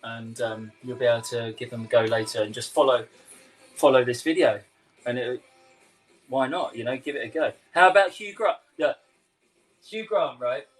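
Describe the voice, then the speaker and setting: A young chef with a London-tinged accent talks at a moderate pace in a mid-range voice, with soft background music and rough audio. Streaming his cooking live, he chats, laughs a lot and answers what viewers write.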